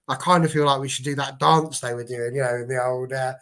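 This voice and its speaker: A man hosting a fan show, chatting excitably and rambling with restarts. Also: mid-range voice, fast talker, few pauses. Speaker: host. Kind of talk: casual chat.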